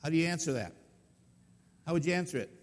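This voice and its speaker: A man's voice: fairly high pitch, lively intonation, fast talker. A male pastor telling a story in a sermon, folksy and conversational, often putting questions to his listeners. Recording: long reverb of a hall.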